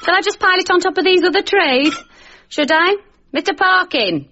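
A fussing chatty carer. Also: female voice, very high-pitched, animated, moderate pace, bright, forceful tone, dull audio, slight background noise, full character voice. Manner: prattling, fussing, talking to herself. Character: chatty nagging female home carer. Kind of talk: comic radio sketch.

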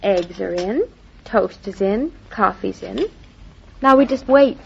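A woman's voice: medium pitch, slow, creaky, breathy edge, exaggerated voice. An actress playing a cheerful, playful young wife in a vintage radio drama, bubbly and bossy as she gives orders. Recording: muffled old radio recording.

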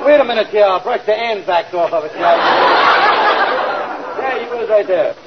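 Brief: a man doing a high, fast-talking bluffing con man, vintage radio comedy, muffled with hiss and roaring audience laughs. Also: a loud crowd, natural voice. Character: scheming smooth-talking male con man. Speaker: comic lead. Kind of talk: 1940s radio comedy acting.

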